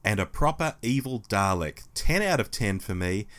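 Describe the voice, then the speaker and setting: A man with a hoarse voice, co-hosting a casual podcast chat in an animated, mock-scolding way. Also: on the low side, moderate pace. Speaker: podcast co-host.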